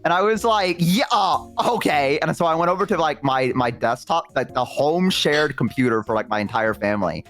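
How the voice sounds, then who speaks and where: A man telling stories casually and excitably, swearing freely and saying "like" a lot. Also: mid-range voice, brisk, hardly any pauses, faint music behind. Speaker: streamer guest. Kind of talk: casual storytelling.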